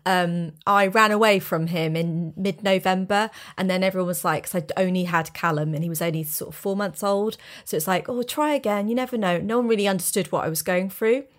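A woman's voice: medium pitch, a little fast, few pauses. A woman guest chatting casually and telling a candid personal story.

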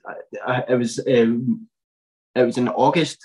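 A man's voice: medium pitch, steady tone, a little slow, darkish tone, low-quality recording. A young man in his twenties, a podcast guest chatting casually, with many fillers and restarts. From Scotland. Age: 20s. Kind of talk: casual chat.

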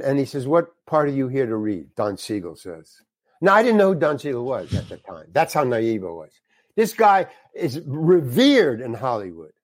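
Animated older man spinning an anecdote. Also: mid-range voice, no room sound. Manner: animated, acts out dialogue, frank, swears. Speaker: guest actor. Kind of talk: anecdotal storytelling.

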